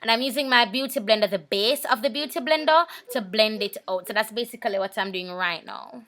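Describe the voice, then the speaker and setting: Brisk and forceful, this makeup vlogger's fairly high voice carries a bright tone. She keeps chatting casually as she works through the tutorial, often repeating herself.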